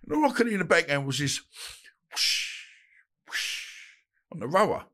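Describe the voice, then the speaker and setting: A man's voice: fairly high pitch, sing-song, racing, a bit bright. A man, telling stories bluntly in a casual interview and acting out the dialogue he quotes. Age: 50s. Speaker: guest, boxer.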